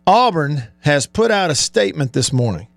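A man's voice: on the high side, big pitch swings, normal speed, vocal fry, no room sound. Sarcastic ranting sports talk man. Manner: heated, sarcastic ranting with rising emphasis. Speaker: sports talk show host. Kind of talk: live-streamed sports talk monologue.

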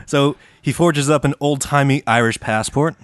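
A man's voice: mid-range voice, normal speed, dry recording. A man hosting a podcast, telling a history story with casual swearing and jokes. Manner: laid-back, swears casually, laughs at own jokes. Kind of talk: comedic storytelling chat.

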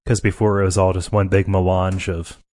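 A man co-hosting a comedy podcast with his brother, trading deadpan jokes and breaking into laughter. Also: low voice, a little fast, dry recording. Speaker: podcast co-host. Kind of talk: casual comedic banter between brothers.

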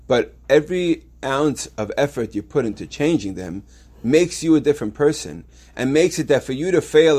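A man with a mellow, mid-range voice teaches a yeshiva Torah class, explaining step by step, often restarting, and reading Hebrew texts aloud.

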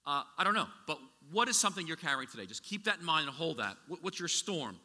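A man's voice: on the high side, sing-song, fast talker, pushed and bright, in a large hall. A man preaching a sermon as a pastor, talking conversationally with rhetorical questions and frequent restarts.

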